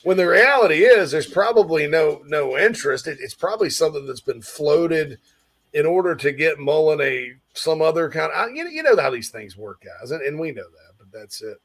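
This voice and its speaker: A man's voice: a little high, big pitch swings, normal speed, fairly bright tone. Man hosting a sports talk show. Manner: conversational, reads listener questions aloud.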